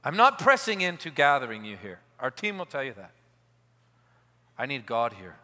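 A man preaching a live church sermon. He moves from quiet asides to loud, emphatic declarations and leads the congregation in call-and-response. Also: mid-range voice, very animated, normal speed. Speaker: pastor. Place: large church hall at a live service. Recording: long reverb of a large hall.

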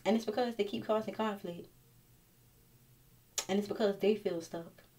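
A woman's voice: medium pitch, fairly even intonation, normal speed, mellow. A woman reading tarot cards straight to the viewer in a casual, blunt and profane way. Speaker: tarot reader.

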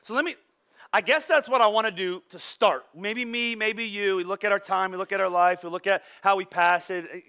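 A male pastor delivers a casual, humorous sermon with a high, bright voice. He talks to his congregation like friends and acts out their excuses in mock voices. The delivery sounds like a modern church talk. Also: fairly quick. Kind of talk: conversational sermon.

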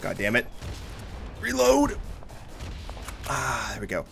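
A man giving excitable, profane gameplay commentary, shouting battle cries while he plays. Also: mid-range voice, moderate pace, a little hiss or hum. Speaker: gaming YouTuber. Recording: game music and gunfire behind. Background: game music and gunfire.

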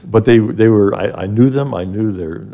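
A man's voice: fairly low pitch, normal speed, creaky, mellow. An older man, a guest on a podcast, telling his life story in an earnest, emotional way that rises when he is moved. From grew up in an African village. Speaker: guest, charity president emeritus. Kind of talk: personal storytelling in a podcast interview.

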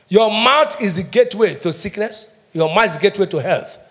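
A middle-aged Nigerian man preaching with emphatic call-and-response. His voice sits high for a man. He drives each point home and asks the congregation to answer. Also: animated, fairly quick, a bit bright. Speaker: pastor. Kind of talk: sermon.

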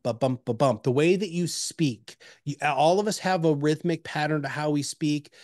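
A man presenting an instructional webinar, energetic and chatty, with personal anecdotes and emphatic repeated pleas. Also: medium pitch, no room sound, studio quality.

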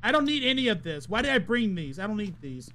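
High-voiced man chatting through a game. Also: very animated, fast talker, pushed and bright, a little hiss or hum. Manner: chatty and joking, breaks into song. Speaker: game streamer. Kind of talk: casual live gameplay chat.

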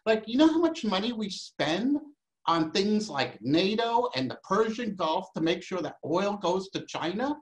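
A man's voice: sits high, very animated, measured pace, poor audio. A man with a New York accent, debating on an academic panel, combative and emphatic, firing off rhetorical questions.

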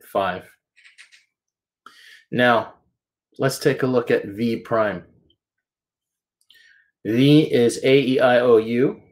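Slow, patient male math teacher. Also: medium pitch. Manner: patient, step-by-step, checks in with "okay?" and "right?". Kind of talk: classroom lesson walkthrough.

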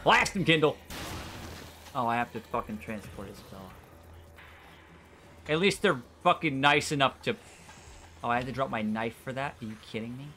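A man's voice: medium pitch, animated, moderate pace, long pauses, sharp tone, soft background music. A man casually commenting on his gameplay, often frustrated and swearing at the game and its characters. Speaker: gameplay streamer.

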